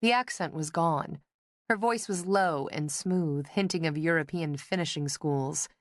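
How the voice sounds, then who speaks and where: A woman narrating a romance novel as an audiobook, measured and even. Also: low-pitched, no echo, clean studio sound.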